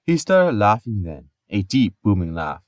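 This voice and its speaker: Male podcast storyteller, lively delivery, deep, dry sound. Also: measured pace, no room sound. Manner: expressive storytelling with playful asides. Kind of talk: narrating myths.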